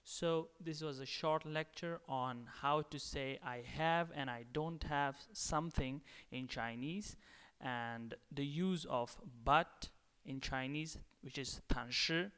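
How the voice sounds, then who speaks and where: A man giving a slow video lecture as a language teacher, repeating each word several times. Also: fairly high pitch, sharp tone, smooth. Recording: long reverb.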